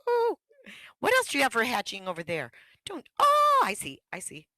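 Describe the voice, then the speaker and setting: A woman leading an online music workshop for teachers, talking and breaking into high sung echo songs. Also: huge pitch swings, brisk, bright, forceful tone, studio quality.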